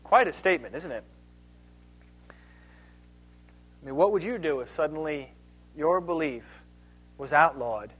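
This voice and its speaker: A man's voice: medium pitch, a bit bright, breathy edge. A man giving a history lecture with slides in a conversational way, asking his audience questions and often restarting his phrases.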